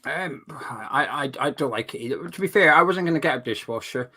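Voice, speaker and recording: Bright-voiced man hosting a live stream. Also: a little high, fairly quick, husky. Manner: animated, swears freely, reads viewer comments aloud. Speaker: host. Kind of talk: casual live-stream chat. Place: home room.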